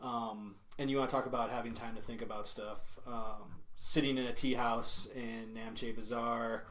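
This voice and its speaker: A man's voice: medium pitch, flat delivery, moderate pace, a bit bright, slight background noise. A young man as a podcast guest, telling a travel story in a casual, rambling way, full of ums, self-corrections and small chuckles. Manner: chuckles while telling stories.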